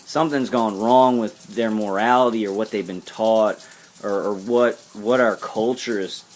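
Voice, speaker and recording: A man's voice: on the low side, fairly even intonation, unhurried. A man delivering an earnest spiritual pep talk to camera, rambling and repeating himself. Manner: earnest, intense. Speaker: vlogger.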